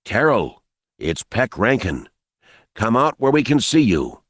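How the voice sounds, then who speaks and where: A man's voice: on the low side, big pitch swings, normal speed, no room sound, studio quality, voice pushed up. A man doing a ragged, snarling militia leader. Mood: wary. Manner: gruff and snarling. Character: ragged, exhausted, hostile male militia leader.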